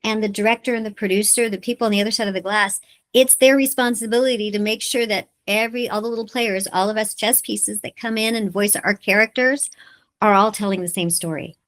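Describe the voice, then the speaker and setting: Middle-aged woman, voice actor guest; animated, laughing storyteller in casual interview. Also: medium pitch, a little fast. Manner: lively storyteller who acts out dialogue and laughs often.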